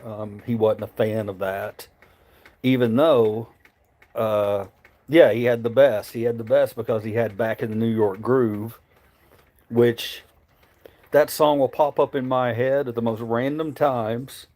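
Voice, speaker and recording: A man's voice: medium pitch, steady tone, measured pace, a little mellow. A man with a Tennessee Southern accent, from Memphis, chatting casually and profanely on his livestream while answering viewer chat. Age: adult, married. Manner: rambling, profane, reads viewer chat aloud. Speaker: livestream host.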